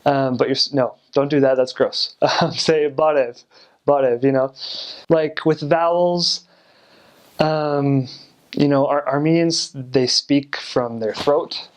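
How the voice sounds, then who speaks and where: A man's voice: fairly high pitch, fairly even intonation, takes it slowly. Hesitant young American man. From United States. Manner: hesitant, many fillers and restarts. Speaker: returned missionary. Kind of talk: casual explanation.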